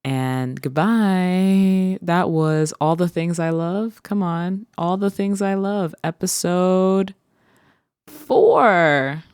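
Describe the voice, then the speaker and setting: A woman's voice: on the low side, a little mellow, clean tone, no echo, clean studio sound. A woman hosting her own vlog, chatting playfully and rambling as she talks to her viewers. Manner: playful, rambling, drawn-out words. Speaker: host. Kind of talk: casual solo vlog chat. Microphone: listening through headphones.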